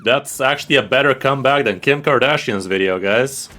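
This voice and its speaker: A man streaming a card game, giving excitable, trash-talking and profane casual gameplay commentary. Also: mid-range voice, fairly quick.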